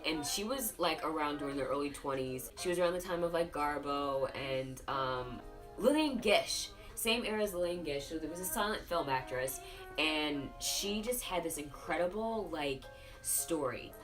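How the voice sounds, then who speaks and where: Low-voiced tipsy woman telling film gossip. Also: animated, normal speed. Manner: profane, rambling, gossipy storytelling. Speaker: host. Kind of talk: tipsy casual film review. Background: music playing.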